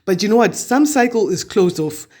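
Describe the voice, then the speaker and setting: A man's voice: high-pitched, expressive, moderate pace, darkish tone. A man giving a weekly tarot reading to camera, chatty and reassuring as he passes on spiritual guidance. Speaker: tarot reader.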